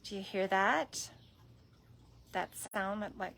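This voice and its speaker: A woman talks in an unhurried way, with a voice of middling pitch, as she chats through a phone livestream in a cat shelter room. She coos softly at the cats between remarks. Faint room noise hums under her voice. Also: creaky. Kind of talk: casual livestream chat.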